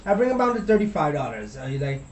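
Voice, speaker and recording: A young podcast co-host from Laredo, Texas, spins a long, rambling, profane story that trails off into mumbles, speaking fast in a fairly high, sing-song voice over a loud crowd. The casual storytelling is picked up by a distant mic in a roomy space, with a faint hiss underneath.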